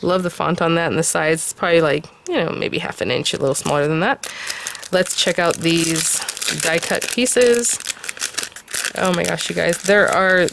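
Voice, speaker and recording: A woman's voice: on the low side, normal speed, creaky, noisy background. Gushing, chatty craft-channel woman. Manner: chatty and gushing, many fillers. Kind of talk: casual unboxing review.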